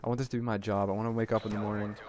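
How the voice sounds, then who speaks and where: A man giving casual, rambling gameplay commentary, excitably retelling his moments in the match. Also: lowish voice, very fast, crowd noise. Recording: noisy game audio underneath. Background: game sound effects.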